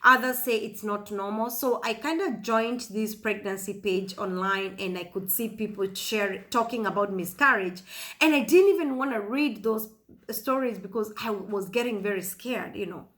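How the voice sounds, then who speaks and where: A woman in her thirties living in the US, telling a personal story in a halting way with many fillers and restarts. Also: medium pitch, a bit bright. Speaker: vlogger.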